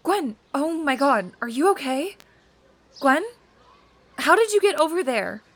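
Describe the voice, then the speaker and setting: Woman, high voice, audio drama acting, emotional, accusing. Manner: emotional, accusing, then flat and slow. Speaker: character Erin.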